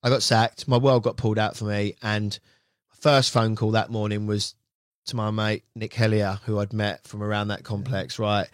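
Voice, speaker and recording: Male guest, casual storyteller, low pitch, dry close sound. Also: level tone, moderate pace, no room sound. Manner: rambling, chatty, often slips into quoting others. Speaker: guest angler.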